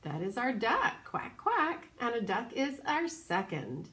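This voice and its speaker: A woman teaching a children's piano lesson, patient and clear, now and then singing solfege syllables. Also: fairly high pitch, sing-song, unhurried. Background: piano playing.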